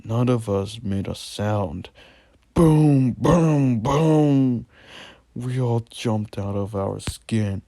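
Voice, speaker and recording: A man reading a first-person horror story aloud in a slow, halting way. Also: fairly low pitch, steady tone, vocal fry, mellow, no echo.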